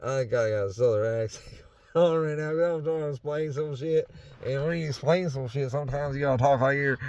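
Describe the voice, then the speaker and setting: Sitting in his parked truck, a young podcast host from Wisconsin casually rambles, swearing and laughing, about his life. He speaks a little fast in a medium-pitched, slightly mellow voice, captured by a phone or camera in the truck.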